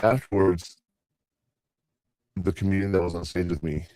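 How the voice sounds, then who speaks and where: A man's voice: low voice, fairly even intonation, mellow, no room sound. An older man, a comedian hosting a podcast, telling rambling stories in casual chat. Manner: rambling storyteller, quick asides. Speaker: podcast host and stand-up comedian.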